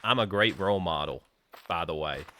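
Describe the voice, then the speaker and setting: A man's voice: low voice, expressive, normal speed, sharp tone. A young man streaming a game, chatting casually and jokingly, rambling and now and then slipping into a put-on southern twang. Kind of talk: casual gaming stream chat.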